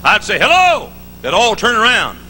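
A middle-aged preacher delivers a sermon in a large hall, spinning folksy stories full of jokes and restarts. His voice sits high. His delivery is sharp and forceful. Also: lively intonation, moderate pace, a little hiss or hum. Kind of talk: live conference sermon.

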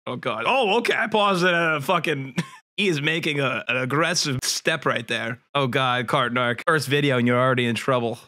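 A man's voice: mid-range voice, normal speed, bright, forceful tone, dry recording. A man streaming, reacting to a video with casual joking commentary, swearing and laughing as he talks.

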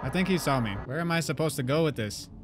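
A young man giving let's play commentary on a horror game, swearing and shouting at jump scares, his voice going hoarse from screaming. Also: a little high, fast talker, noisy background. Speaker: gaming YouTuber. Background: game music.

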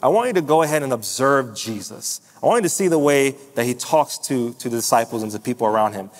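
A male pastor delivers a sermon, telling a story through quoted dialogue. His voice sits in an ordinary middle pitch and often slows for emphasis. It rings with the long reverb of a large church hall. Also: lively intonation.

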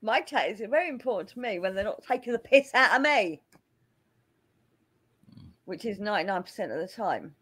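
A woman's voice: mid-range voice, very animated, normal speed, long pauses, fairly bright tone, slightly rough. A woman hosting a casual stream chat, teasing and exasperated, laughing often. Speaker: streamer host.

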